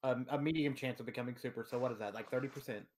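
A man's voice: mid-range voice, steady tone, very fast, darkish tone. A man with a mid-range voice co-hosts a casual podcast chat. He reads out game stats with enthusiasm and drops playful asides. He talks into a computer mic over a remote call. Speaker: podcast co-host.

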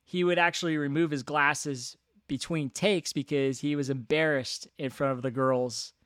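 Chatty, excitable man with a higher voice. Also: moderate pace, clear, resonant tone, no room sound, clean studio sound. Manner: chatty, laughs easily, excitable. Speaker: podcast co-host. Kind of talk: casual movie chat.

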